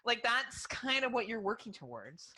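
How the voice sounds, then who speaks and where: A woman's voice: on the high side, big pitch swings, normal speed, pushed and bright. A young adult woman co-hosting a podcast, talking bluntly and laughing often in casual chat. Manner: blunt, profane and frequently laughing. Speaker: podcast co-host.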